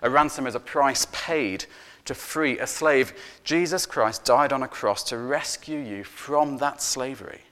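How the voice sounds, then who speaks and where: A man preaching a sermon, earnest and emphatic, repeating words for stress and dropping to a hushed voice at the ends of phrases. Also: mid-range voice, unhurried. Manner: swings from loud emphasis to soft, hushed endings.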